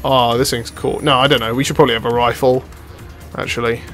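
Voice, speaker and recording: A young man giving live commentary while playing a shooter, excitable and jokey, swearing and yelping when he gets hit. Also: medium pitch, quick pace, soft background music. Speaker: gaming channel host.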